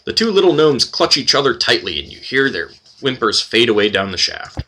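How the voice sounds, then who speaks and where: A man's voice: medium pitch, big pitch swings, brisk, bright, forceful tone, slight background noise. A man hosting a let's play, reading the game's text aloud and adding wry, playful asides. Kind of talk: game narration and commentary.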